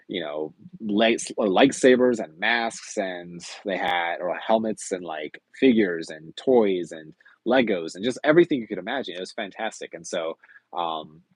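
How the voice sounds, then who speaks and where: A man with a low voice hosts a relaxed live stream, chatting eagerly to his viewers. His voice is a bit hoarse from talking a long time, and the sound is dry and close. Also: no room sound. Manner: chatty and enthusiastic. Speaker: host of a movie live stream. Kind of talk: casual live-stream chat.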